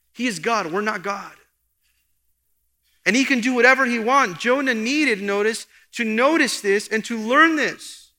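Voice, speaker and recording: Male pastor, earnest sermon delivery with emphatic lifts, bright tone, reverberant hall. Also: sits high. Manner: earnest preaching, rising for emphasis. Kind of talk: expository sermon.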